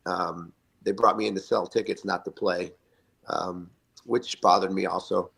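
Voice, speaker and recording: Gravelly man telling hockey stories. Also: deep voice, a little slow. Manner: animated anecdotes with acted-out quotes. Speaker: guest, retired hockey player. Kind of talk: storytelling interview.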